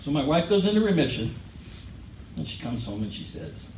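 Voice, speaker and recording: A man's voice: a little high, very animated, a little fast, very noisy. A man giving a funny retirement speech on an auditorium stage, telling stories and laughing often. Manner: joking storyteller, laughs often. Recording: roomy auditorium sound from a distance.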